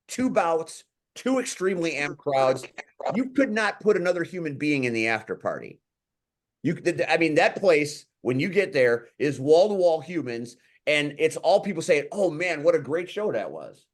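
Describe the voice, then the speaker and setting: Male podcast host, enthusiastic rambler, lively intonation. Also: fairly high pitch. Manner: enthusiastic, rambling, quick to laugh. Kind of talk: casual chat.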